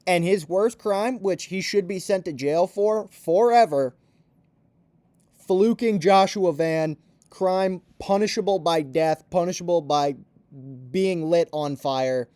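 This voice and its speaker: A man's voice: high-pitched, darkish tone, no echo. A man giving heated, profane and sarcastic commentary about fighters in a vlog. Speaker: MMA commentator.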